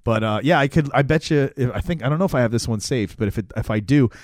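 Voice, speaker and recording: A man's voice: medium pitch, fast, darkish tone, no room sound, clean studio sound. A man co-hosting a podcast in casual chat, repeating himself and restarting as he explains. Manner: stammering restarts while explaining. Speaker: podcast co-host.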